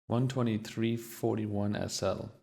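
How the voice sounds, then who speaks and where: A man's voice: on the low side, steady tone, unhurried, creaky, warm tone. A man streaming a reaction to a documentary, talking casually, swearing freely and getting openly emotional. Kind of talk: casual live-stream commentary.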